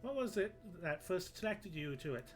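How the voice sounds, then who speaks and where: A man's voice: high-pitched, big pitch swings, moderate pace, faint music behind, pitched above the performer's own voice. A man voicing a chatty bearded male sailor peddler in a video game, with an exaggerated put-on Irish accent and folksy rustic phrasing. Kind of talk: reading game dialogue aloud.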